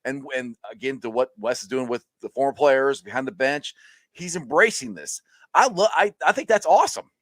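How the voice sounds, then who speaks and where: A man's voice: mid-range voice, animated, normal speed, no echo. A man hosting a casual sports podcast who stumbles over and repeats his words and laughs along with his guest. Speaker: podcast host.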